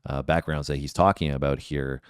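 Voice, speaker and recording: A man's voice: extremely low pitch, fairly even intonation, brisk, clear, resonant tone, no echo, clean studio sound. A man in his thirties from Canada co-hosting a reaction video, talking casually with lots of fillers and restarts. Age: 30s. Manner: rambling, hesitant, lots of fillers. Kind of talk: casual chat.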